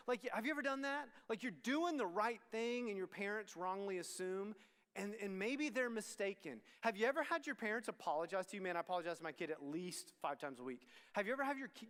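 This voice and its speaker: A man's voice: sits high, fairly bright tone. A man preaching to a student ministry in a conversational sermon, often acting out the lines of the people in the story. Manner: conversational, acts out dialogue. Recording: long hall reverb.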